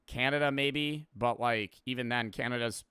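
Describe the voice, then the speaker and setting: A male streamer talks through a video in loose, rambling reaction commentary, peppered with profanity. His voice is bright and crisp, recorded dry and close. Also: mid-range voice, moderate pace, no echo.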